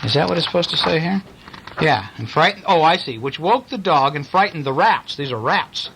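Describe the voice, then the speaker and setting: A man's voice: on the high side, lively intonation, vocal fry, background noise. Playful man reading bedtime stories. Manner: playful, chatty, pauses to point at pictures. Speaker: storyteller reading picture books to a child. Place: in bed at home.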